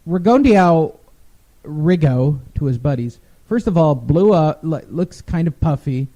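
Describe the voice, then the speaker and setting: Wry man recapping boxing, dark tone. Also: a little high, expressive, a little slow, highs cut off. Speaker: podcast co-host. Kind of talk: casual sports chat.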